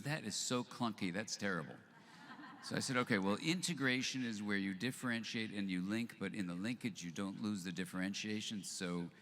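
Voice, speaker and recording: An older man giving a live talk to an audience, telling an anecdote and acting out both sides of the dialogue. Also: fairly low pitch. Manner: animated storyteller who acts out both sides of a dialogue. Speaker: speaker at a live event. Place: event hall. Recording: live hall with long reverb, faint noise.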